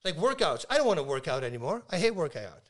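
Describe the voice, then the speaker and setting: Speaking fast in a fairly high, sing-song voice, a middle-aged man appears as a guest in a casual conversation. He tells stories emphatically.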